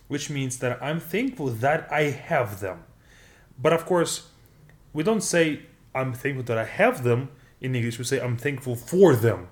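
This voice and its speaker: A man co-hosting a podcast as a language tutor, explaining phrases slowly and correcting pronunciation patiently in a casual lesson chat. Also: mid-range voice, expressive. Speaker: Russian tutor and podcast co-host.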